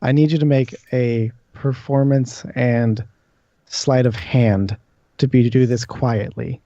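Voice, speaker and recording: A man's voice: medium pitch, fairly even intonation, slow, warm tone, no room sound. A man narrating as game master, explaining rules and describing scenes patiently. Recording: dull lo-fi stream audio.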